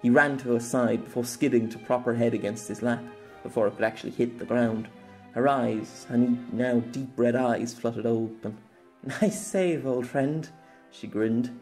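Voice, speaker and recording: A man's voice: mid-range voice, level tone, moderate pace, a little mellow, soft background music. Man narrating a fantasy audiobook. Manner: dramatic storytelling, voicing characters. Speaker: narrator and author. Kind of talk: audiobook narration of own novella.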